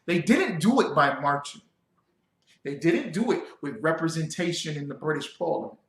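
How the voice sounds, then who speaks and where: Male street-style preacher, high bright voice, roomy echo, shouts for emphasis. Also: lively intonation, normal speed. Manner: emphatic, builds to shouting, speaks to the audience. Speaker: religious teacher. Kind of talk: livestreamed sermon.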